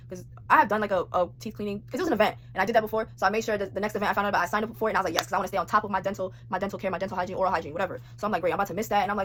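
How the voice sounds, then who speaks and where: A young woman casually telling a personal story in a vlog, rapid and animated, full of slang and quoted thoughts. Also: mid-range voice.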